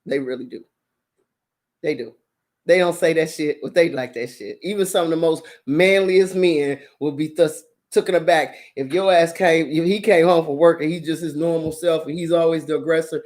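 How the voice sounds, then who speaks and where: A woman's voice: sits low, moderate pace. Blunt, profane woman giving dating advice. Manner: blunt, profane and animated, laughs often. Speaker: host. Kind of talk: casual dating-advice talk to viewers.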